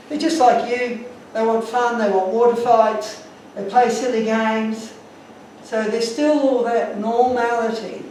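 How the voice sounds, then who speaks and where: A man's voice: high voice, a little mellow, heavy reverb, distant mic, a little hiss or hum, low-quality recording. A man giving an earnest, emotional talk to an audience, telling stories from his slides. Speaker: guest speaker.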